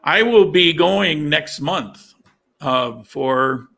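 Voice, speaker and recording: A man from upstate New York hosts a relaxed livestream chat. He talks in a halting, roundabout way, restarting sentences as he thinks. His voice is bright and sits a little high. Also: vocal fry. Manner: halting, many restarts and fillers. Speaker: livestream host.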